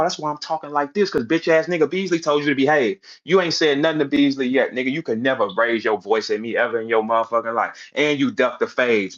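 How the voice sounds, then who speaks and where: A man in a heated, profane rant, calling out a rival and mocking him with quick impressions. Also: mid-range voice, a bit bright. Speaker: battle rap personality on a live audio space. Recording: muffled lo-fi stream audio.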